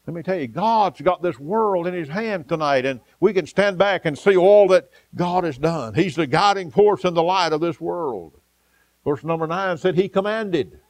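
A man preaching an evening sermon, with a rhythmic delivery that rises for emphasis and drops soft and low. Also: moderate pace, no room sound.

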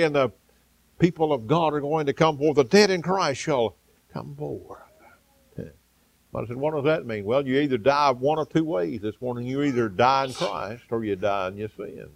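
A male pastor delivering a sermon, building to fervent exclamations and calling out amen and hallelujah, with frequent "uh" pauses. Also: mid-range voice, gravelly, no room sound. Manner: preaching, rising to fervent exclamations with frequent "uh" fillers; calls out amen and hallelujah to the congregation.

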